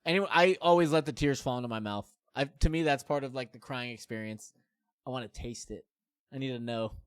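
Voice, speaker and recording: A man in his thirties talks to his stream viewers in a loose, rambling way, full of fillers and self-deprecating asides. His voice is smooth and resonant, sitting at an ordinary pitch. He is recorded close on a desk mic with a dry sound. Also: fairly quick, no room sound. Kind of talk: casual chat to stream viewers.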